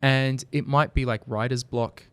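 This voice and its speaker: A man's voice: mid-range voice, unhurried, smooth, no room sound. A man, a podcast guest, talking earnestly in a casual interview and telling stories. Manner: earnest, storytelling, animated when making a point. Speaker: podcast guest, video company founder.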